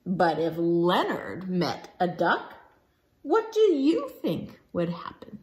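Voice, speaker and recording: A woman reading a picture book aloud for young children. She takes her time, and her voice swoops up and down with a lot of expression. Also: fairly low pitch. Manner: slow, expressive, melodic. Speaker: storybook reader.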